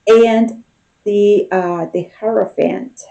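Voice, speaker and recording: A woman's voice: medium pitch, fairly even intonation, slow, creaky, mellow, low-quality recording. A woman giving a casual tarot reading, talking in a loose, conversational way and often checking in with "okay?" and "you know?". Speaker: tarot reader.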